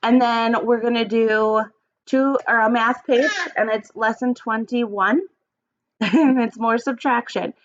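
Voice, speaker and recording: Upbeat kindergarten teacher lady reading a storybook on webcam, higher voice, kinda muffled. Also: slow pace, a little hiss or hum. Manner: animated and encouraging. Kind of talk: read-aloud and virtual lesson.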